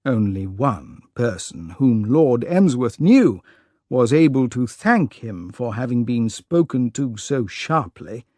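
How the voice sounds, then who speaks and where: A male audiobook narrator reads a comic story very slowly and clearly for learners. His delivery is lively, rising and falling through each sentence, and the sound is dry and close. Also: mid-range voice, dry recording. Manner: slow, clear, expressive storytelling. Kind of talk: scripted narration for language learners.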